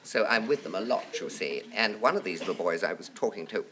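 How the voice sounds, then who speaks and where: A man in his fifties, a chat show guest telling anecdotes in a theatrical way, with arch, drawn-out vowels and mimicry of the voices in his stories. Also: on the low side, lively intonation, bright, forceful tone, a little hiss or hum. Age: 50s. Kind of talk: anecdotal storytelling.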